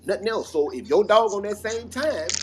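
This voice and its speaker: Animated man telling tall stories, noisy line. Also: high-pitched, moderate pace. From Mississippi. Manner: animated storyteller, swears freely, acts out quotes. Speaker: regular panelist. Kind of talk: casual chat. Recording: noisy audio-chat recording.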